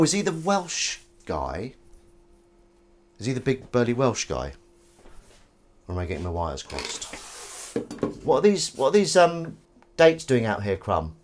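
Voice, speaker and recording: A man's voice: medium pitch, darkish tone, a little hiss or hum. A man hosting a livestream, chatting and rambling while washing dishes. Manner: rambling, chatty, self-interrupting. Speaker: livestream host. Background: clattering dishes and cutlery.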